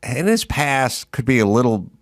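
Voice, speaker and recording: Middle-aged male talk-show host, sarcastic and emphatic, average pitch, casual delivery. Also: big pitch swings, normal speed. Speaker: podcast host.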